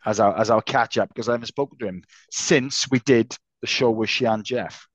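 A man's voice: on the low side, normal speed, no echo. A man co-hosting a podcast, talking casually and teasing his co-host, with the odd swear word. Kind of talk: casual chat. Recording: slightly dull lo-fi sound.

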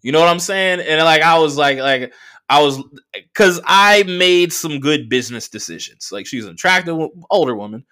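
Animated profane comedian telling a story. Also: male voice, on the high side, normal speed. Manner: profane, animated, lots of fillers. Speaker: comedian and podcast host. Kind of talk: casual storytelling monologue.

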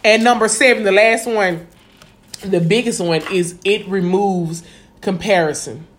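A woman's voice: medium pitch, a little slow, slight background noise. A woman chatting casually as a podcast co-host, peppering everything with "you know what I'm saying" and swearing freely. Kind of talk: casual chat. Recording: echoey room.

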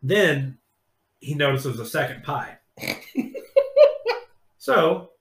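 Dude with a kinda high voice rambling and cursing on a podcast, echoey room. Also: male voice, extremely slow. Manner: animated storyteller, swears freely, laughs often. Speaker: podcast host. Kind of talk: casual chat, recapping a scene.

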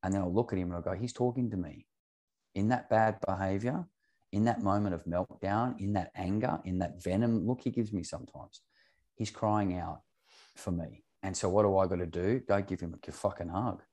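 Very deep-voiced man, earnest. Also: moderate pace, mellow. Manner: earnest, open, swears casually. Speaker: podcast guest. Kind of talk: candid podcast conversation.

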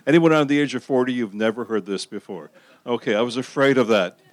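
Talking fast in a mid-range voice, this middle-aged male pastor delivers a conversational sermon, putting questions to the audience and repeating phrases for emphasis. The recording is dry.

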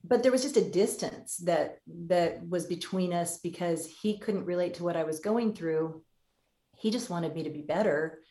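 A woman's voice: fairly low pitch, normal speed, dark tone. A woman in her fifties, a podcast guest, telling a personal story candidly and acting out what people said. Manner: candid, acts out quoted voices.

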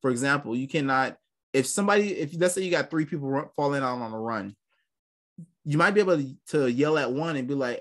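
A man's voice: mid-range voice, quick pace. Profane, rambling young man podcast host. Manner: profane, rambling, animated storytelling. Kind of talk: casual chat.

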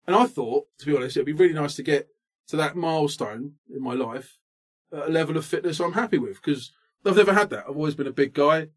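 A man in his late thirties with a slightly higher voice than most men, co-hosting a comedy chat. He rants in an animated, self-mocking way, often breaking into laughter. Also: quick pace. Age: 30s. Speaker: podcast co-host. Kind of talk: comic rant in casual chat.

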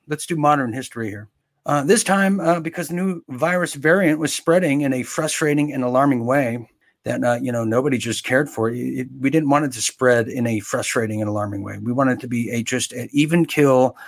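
A man from the United States giving sarcastic, mocking commentary on news items, halting with fillers. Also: mid-range voice.

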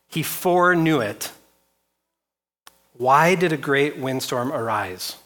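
Man, pastor, sermon, slow deliberate delivery, emphatic rhetorical lists. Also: mid-range voice, fairly bright tone. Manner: emphatic, builds through rhetorical lists and repeated questions.

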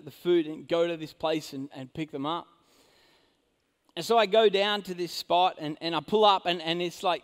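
A man preaching a sermon as a pastor, telling a personal story in a casual, animated way, swinging between loud emphasis and quiet asides. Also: fairly high pitch, clear, resonant tone. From Orange County, California. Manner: conversational fillers like "like" and "you know".

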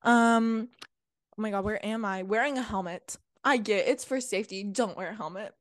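A woman's voice: medium pitch, moderate pace, no echo, clean studio sound. A young woman co-hosting a podcast, ranting bluntly and profanely in casual chat. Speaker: podcast co-host.

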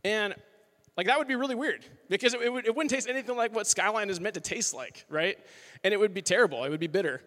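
Bright and pushed, his high voice races along as this man in his twenties delivers a chatty, upbeat sermon full of jokes for college students, with many a "like" and "you know." He leads worship in a large hall with a live audience, and the recording has long reverb.

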